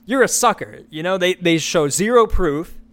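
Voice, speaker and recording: Guy hosting a podcast, kinda high voice, sarcastic and rambly, casual commentary. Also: animated, normal speed, fairly bright tone. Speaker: podcast host.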